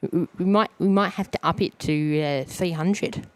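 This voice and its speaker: Aussie male host for a casual outdoor live stream; relaxed, halting, repeats himself. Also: on the high side, dry recording. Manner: easygoing, halting, repeats words. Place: outdoors at an airport.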